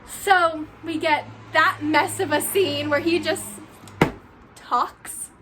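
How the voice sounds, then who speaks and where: A young woman chatting casually about a book she loves, gushing and animated, packing her talk with "like.". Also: high voice, slow, noisy background. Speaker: book vlogger. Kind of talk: casual book review chat.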